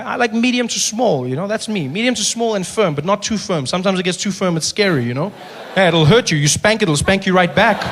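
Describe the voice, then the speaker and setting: A man with a South African accent doing an animated stand-up routine, teasing a member of the crowd by name. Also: high-pitched, background noise. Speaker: stand-up comedian.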